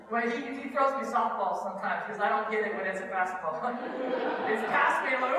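A pastor from Kansas preaching a conversational, earnest sermon full of personal stories. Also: male voice, sits high, fast, crowd noise, background noise. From Kansas, USA. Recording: echoey hall, distant mic.

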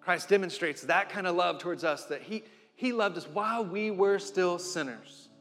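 A preacher with a high voice delivers an impassioned sermon, swinging from loud declarations to hushed near-whispers. He often repeats and restarts words as he builds. His voice rings with long reverb over faint music. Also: normal speed.

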